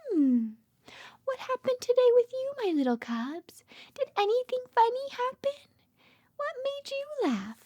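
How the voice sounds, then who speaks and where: A woman, a speech therapist, reading a bedtime story aloud to young children in a gentle, soft voice that often drops to a whisper, coaxing the child with many questions. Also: very high voice, very animated, a little slow.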